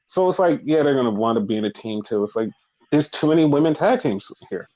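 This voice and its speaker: A man's voice: mid-range voice, lively intonation, fairly quick, warm tone, highs cut off. A man hosting a podcast, recapping in a blunt, profane, rambling casual chat. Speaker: podcast host.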